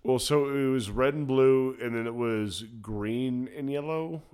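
A man's voice: medium pitch, unhurried, darkish tone, clean tone. A man leading a casual podcast, stammering through restarts and breaking into laughter. He keeps trying to pull the banter back to the topic. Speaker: podcast host.

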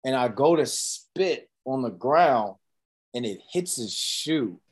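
Slow and husky, with a mid-range pitch, this former college football player in his thirties swaps stories during a relaxed interview. He brings the anecdotes to life by acting out quotes, with plenty of filler words along the way.

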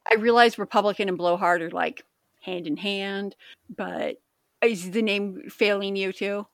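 A woman's voice: medium pitch, steady tone, unhurried, no echo, studio quality. A woman co-hosting a podcast in casual chat, rambling and jokey, often stumbling over words. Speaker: podcast co-host.

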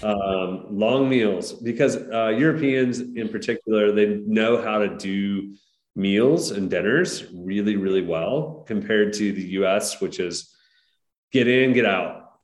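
A middle-aged man from the United States speaks as a podcast guest in a lowish voice. He tells stories in a friendly, easygoing way, filling pauses with "um" and "you know". His voice carries a noticeable room echo. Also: a little mellow. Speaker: guest entrepreneur. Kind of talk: podcast interview. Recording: echoey room.

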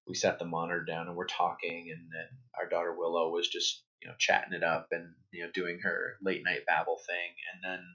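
A man in his thirties, a guest author, telling a personal story in a relaxed, rambling way with many fillers and restarts. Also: low voice. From New Hampshire, United States. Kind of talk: conversational interview storytelling. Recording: dull lo-fi audio.

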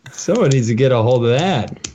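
A man, a comedian co-hosting a podcast, chatting casually with wry, ironic asides. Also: medium pitch. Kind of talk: casual chat. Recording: dull lo-fi podcast audio.

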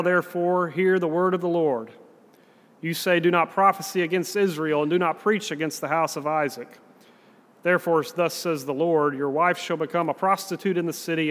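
Man voicing a solemn herdsman prophet, Southern accent, high-pitched, long hall reverb. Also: a bit bright, natural voice. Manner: solemn scripture reading. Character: male herdsman prophet defending his calling.

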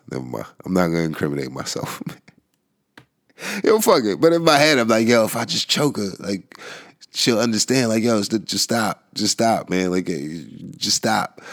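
A man hosting a casual solo podcast, rambling and swearing, laughing often and trailing off into mumbles. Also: deep voice. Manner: rambling and profane, with frequent laughs and restarts. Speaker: podcast host.

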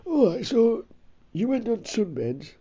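Male comic as his cheeky alter ego; high, husky, lively pitch, mocking. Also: a little slow, muffled recording, exaggerated voice. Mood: teasing.

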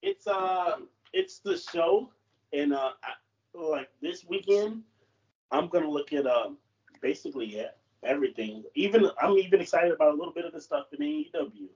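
A young man co-hosting a casual podcast, his voice husky and slightly rough. He talks haltingly, stopping and restarting often, with an easy profane edge. The sound is dull, like a cheap home mic. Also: a little high, lively intonation, darkish tone. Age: young adult. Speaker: podcast co-host. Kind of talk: casual chat.

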